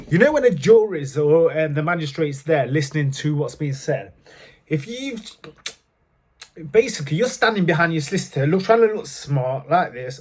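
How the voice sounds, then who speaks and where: A man's voice: on the high side, a little mellow. A man telling candid personal stories to camera in a chatty way, with frequent fillers. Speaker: vlogger. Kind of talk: casual storytelling to camera.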